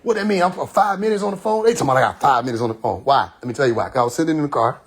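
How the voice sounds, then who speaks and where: Husky man telling a story with laughs. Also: medium pitch, racing. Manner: animated, laughing often, acts out quoted dialogue. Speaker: live stream host. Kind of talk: casual storytelling monologue. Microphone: phone livestream.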